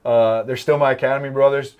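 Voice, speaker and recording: A man's voice: mid-range voice, steady tone, quick pace, smooth, lo-fi sound. A young man from the Midwest, a firefighter, telling stories in a casual podcast chat and laughing often. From American Midwest. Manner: anecdotal storyteller, laughs often.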